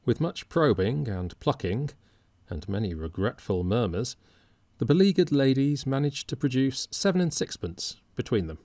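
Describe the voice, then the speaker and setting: A man narrating an audiobook in a measured, wry storytelling manner. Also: mid-range voice, very animated, a little mellow, dry recording.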